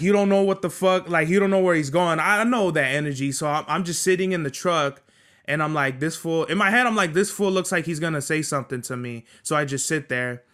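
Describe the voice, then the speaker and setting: A young podcast host tells a workplace story as a profane, animated rant, his slang rolling out in a bright, sharp-edged voice pitched a little above most men. His delivery stays loose and conversational, full of street talk.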